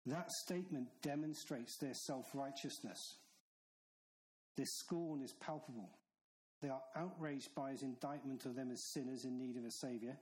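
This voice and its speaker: A man's voice: mid-range voice, moderate pace, a little mellow, poor audio. A man preaching a sermon in an earnest, stern manner, with emphatic repetition. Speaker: pastor.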